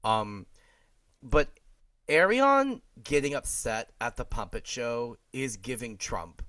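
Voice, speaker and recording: Male podcast co-host, middle pitch, dry close sound, excitable with many restarts. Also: dry recording. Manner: animated, halting, swears, laughs often. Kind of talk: casual chat reviewing a TV episode.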